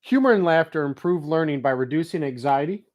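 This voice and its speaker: A middle-aged man talks straight to his viewers in a loose, animated vlog monologue. He jumps between reading notes aloud and telling funny stories, with casual swearing, and his voice sits a little higher than most men's. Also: a little fast. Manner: animated storyteller who swears and laughs freely. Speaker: motivational vlogger.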